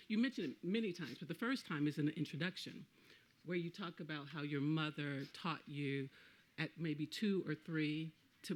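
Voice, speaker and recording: A man interviews an author at a live event, speaking in a slightly raised register. He builds a long question slowly and thoughtfully, with pauses and restarts. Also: a little high.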